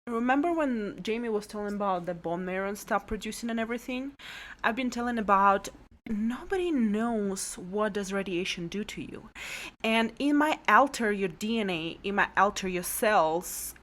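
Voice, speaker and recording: A woman's voice: mid-range voice, normal speed, fairly bright tone. Woman guest, non-native English speaker, earnest. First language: Russian. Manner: earnest, searching for English words, self-deprecating. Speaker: podcast guest. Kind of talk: casual podcast chat.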